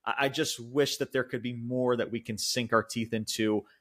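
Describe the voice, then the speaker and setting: A man's voice: medium pitch, normal speed. A young man co-hosting a podcast, recapping events in loose, rambling casual chat full of fillers, swearing and frequent laughs. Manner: animated retelling, laughs often. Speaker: podcast co-host.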